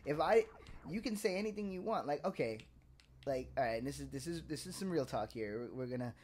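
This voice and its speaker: A man's voice: fairly high pitch, expressive, fairly quick, a little mellow, slight background noise. A man co-hosting a gaming stream, talking candidly and rambling with plenty of swearing and restarts. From Puerto Rican family. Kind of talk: casual chat.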